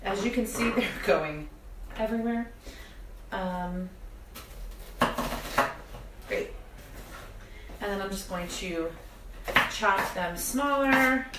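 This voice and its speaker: A woman's voice: mid-range voice, slow pace, long pauses, echoey room, recorded from a distance, heavy background noise. A young woman hosting a live cooking demonstration in her home kitchen, chatting directly to viewers with self-deprecating humor while her eyes water from onions. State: teary-eyed from onions. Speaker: cooking show host. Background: kitchen clatter of pots and dishes.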